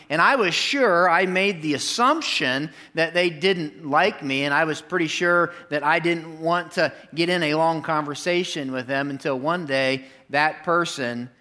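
A middle-aged man preaching a sermon to his congregation in a church, telling a story with lively, animated delivery. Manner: animated storytelling, jumps up in pitch for quoted lines. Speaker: pastor. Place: church sanctuary.

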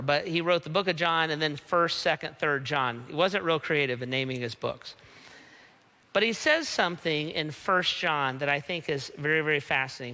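High, bright-voiced preacher in a hall. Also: male voice. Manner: conversational, keeps asking "right?". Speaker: pastor. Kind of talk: sermon.

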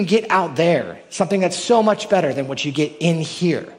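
A man's voice: fairly high pitch, lively intonation, normal speed. Man preaching in a reverberant church hall. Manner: rhetorical, building to emphatic peaks. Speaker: pastor. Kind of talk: sermon.

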